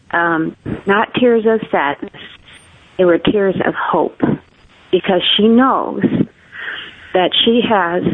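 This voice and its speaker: An older woman from Idaho speaks earnestly to a radio show over a narrow, phone-like line. Her voice is gravelly and husky and sits a little low. She sounds sincerely grateful. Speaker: radio caller. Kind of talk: phone-in testimonial.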